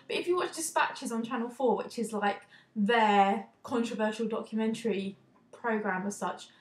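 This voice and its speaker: A young woman from the UK giving a casual, indignant opinion vlog, talking quickly and often restarting her sentences. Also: a little high. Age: young adult. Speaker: vlogger. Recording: echoey room.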